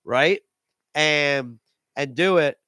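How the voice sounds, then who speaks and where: A man's voice: a little high, drawn-out words, bright, forceful tone, smooth, no echo, clean studio sound. A man hosting a podcast in casual chat, making his point emphatically and repeating words as he goes. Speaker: podcast host.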